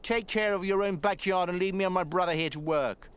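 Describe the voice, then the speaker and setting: A man's voice: high voice, a little fast, fairly bright tone, smooth. An actor playing a crude, leering male thug in a video game, sneering and mocking with frequent chuckles.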